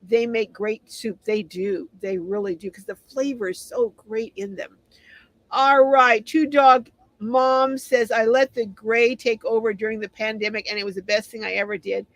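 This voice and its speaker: Woman, middle-aged, casual livestream host, reads comments aloud, slightly high voice, dry close sound. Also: steady tone, moderate pace, dry recording, poor audio. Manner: chatty, reads viewer comments aloud and responds warmly. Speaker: live stream host.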